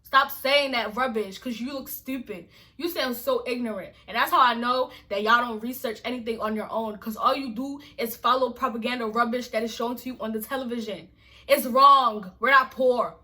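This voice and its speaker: A woman's voice: on the high side, fairly even intonation, brisk, sharp tone. A woman from Nigeria vlogging to camera, exasperated and emphatic, firing off repeated rhetorical questions. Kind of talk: casual to-camera rant.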